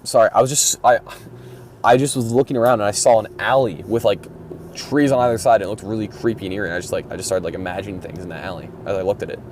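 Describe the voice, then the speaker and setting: With a fairly low, steady, darkish voice and a quick pace, a young male vlogger drives and rambles profanely, griping with mumbled exasperation. Faint road noise from the car and vehicle sounds can be heard.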